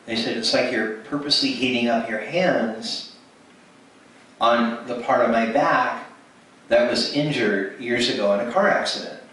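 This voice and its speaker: A man with a mid-range, fairly bright voice tells his testimony at a ministry event in a church hall, speaking at a measured pace. He acts out quoted dialogue and restarts often as he tells the story. The recording is distant and echoey, with faint noise.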